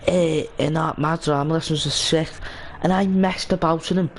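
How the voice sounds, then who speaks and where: A young man chats idly while streaming a game, drifting between half-finished thoughts and restarting his sentences. His voice sits a little high for a man. A faint hiss runs under the desk-mic sound. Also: steady tone, moderate pace, poor audio. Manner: rambling, many restarts and fillers. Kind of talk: casual gaming stream chat.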